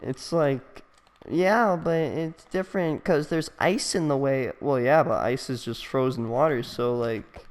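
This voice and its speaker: A man's voice: mid-range voice, measured pace. A young man hosting a game let's play, rambling and joking in casual chat, with lots of fillers. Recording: long echoey reverb.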